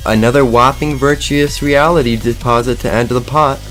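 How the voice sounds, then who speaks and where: A young man reading a text game aloud with a friend, playful and steady. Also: medium pitch, brisk, faint music behind. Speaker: game reader.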